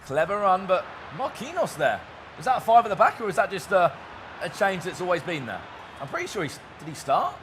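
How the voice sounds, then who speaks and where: A man co-commentating on a football video game final, animated and chatty. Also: sits high, fairly quick, slight background noise. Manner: animated, bursts into shouting on goals. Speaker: esports co-commentator.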